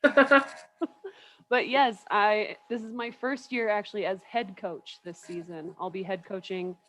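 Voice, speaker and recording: A woman's voice: mid-range voice, fairly even intonation, unhurried, a bit bright. A young woman doing stand-up over a video call, rambling and self-mocking, often laughing at her own lines. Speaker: comedian.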